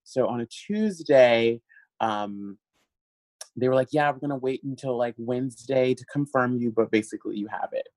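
A man being interviewed, telling a long story in an animated way, laughing often and using lots of fillers. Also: medium pitch, normal speed, dry recording, poor audio. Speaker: guest. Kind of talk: casual interview chat.

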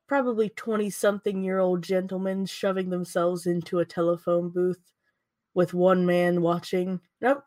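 A woman's voice: medium pitch, dry recording. A woman chatting casually as a podcast co-host, making sarcastic, jokey guesses and laughing often. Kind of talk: casual chat, guessing at quiz questions.

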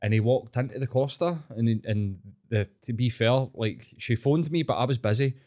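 A Glaswegian man hosts a casual podcast chat, his voice sitting at an ordinary middle pitch. He tells stories with lots of animation and heavy swearing. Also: normal speed, warm tone. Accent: Glaswegian Scottish. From Scotland. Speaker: podcast host.

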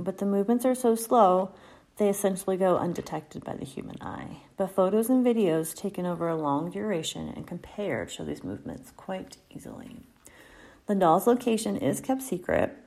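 A woman hosting a casual podcast, telling creepy stories in a laid-back, chatty way and sometimes dropping into a soft whisper. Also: on the low side. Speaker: podcast host.

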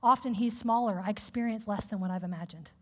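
A woman preacher giving a sermon in a candid, conversational, animated way. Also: medium pitch, quick pace. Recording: echoey hall with long reverb.

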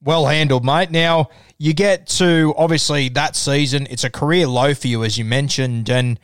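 Smooth-voiced podcast host. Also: male voice, on the high side, steady tone, normal speed, no room sound, clean studio sound. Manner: friendly, matey, sets up questions with long lead-ins. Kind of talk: conversational interview.

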